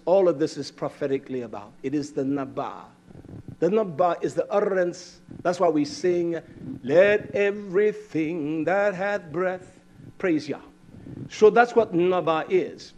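A man preaching a sermon, reading scripture aloud and scolding his listeners bluntly, swinging from loud outbursts to low mutters.

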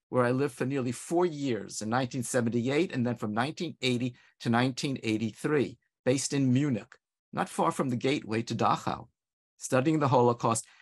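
A man's voice: medium pitch, breathy edge. Older man narrating with theatrical flair. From Long Island, United States. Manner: theatrical, deliberate storytelling with swelling emphasis. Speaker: narrator and presenter. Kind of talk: scripted dramatic narration.

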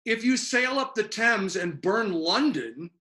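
A man teaching an online history class in an animated, joking, rambling way over a video call. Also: sits high, unhurried.

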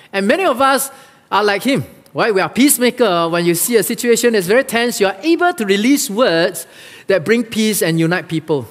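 Guy preaching, high voice, acts out the quotes, big echoey church hall. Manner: animated, acts out Bible quotes with rising pitch. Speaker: pastor. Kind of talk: sermon. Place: church sanctuary. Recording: long reverb of a large hall.

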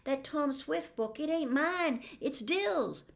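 A woman reading an audiobook, voicing a worried young girl in a high, childlike voice. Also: lively intonation, slow pace, vocal fry, full character voice.

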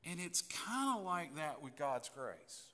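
Folksy pastor in a reverberant church. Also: male voice, on the high side, big pitch swings, measured pace, bright, forceful tone. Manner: folksy and conversational, with frequent restarts. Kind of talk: sermon. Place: church sanctuary. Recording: long church hall reverb.

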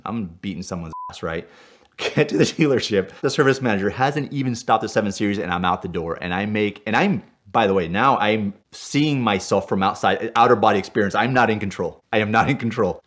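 A man from Puerto Rico telling a car story in an animated way, with loud bursts when he relives his anger. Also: fairly low pitch. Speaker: storyteller guest.

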